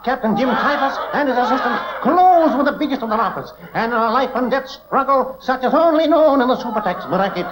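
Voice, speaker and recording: A man delivers pompous mock-newsreel commentary in a 1960s TV comedy sketch. His voice is high and lively. Loud hiss covers the old television soundtrack. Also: brisk, few pauses. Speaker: mock documentary narrator.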